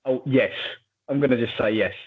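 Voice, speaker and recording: A man co-hosting a podcast in casual chat, chatty and animated, with quick asides and a husky voice. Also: mid-range voice. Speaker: podcast co-host. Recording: tinny phone-like line.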